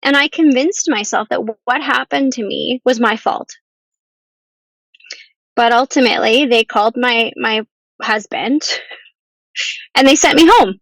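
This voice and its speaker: A woman telling a painful personal story as a podcast guest, earnest and halting, at times close to tears. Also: a little high, dry recording, poor audio. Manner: earnest, halting, with restarts and ums.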